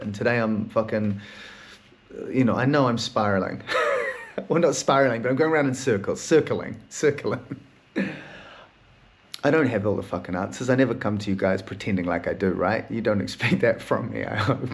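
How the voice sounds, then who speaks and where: Melancholy swearing podcast host, rambling. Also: male voice, on the low side, normal speed, long pauses. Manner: rambling, heavy swearing, laughs through sad talk. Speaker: therapist. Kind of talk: candid solo monologue.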